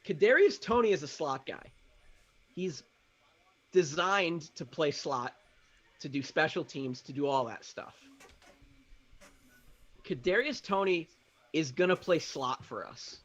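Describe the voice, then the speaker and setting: A man's voice: a little high, animated, slow, long pauses, a bit bright, highs cut off. A man co-hosting a live sports draft reaction, anxious and talking himself through his opinions. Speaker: sports show co-host.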